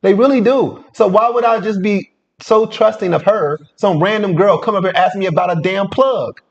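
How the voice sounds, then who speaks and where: A man's voice: sits high, normal speed, lo-fi sound. A man hosting a reaction show, commenting casually in a blunt, profane, emphatic way. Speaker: host reacting to a video.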